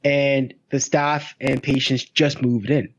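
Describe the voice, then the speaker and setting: A man's voice: mid-range voice, flat delivery, slow, dry recording. A man co-hosting a podcast in casual banter, joking and self-deprecating as he tells stories. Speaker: podcast co-host.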